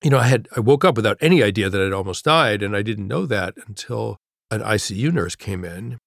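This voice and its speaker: Middle-aged male author, low voice, halting reflective storyteller, dry close sound. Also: expressive, creaky, dry recording. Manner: halting, reflective, drops to a hush at grave moments. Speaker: guest, author. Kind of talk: personal storytelling in an interview.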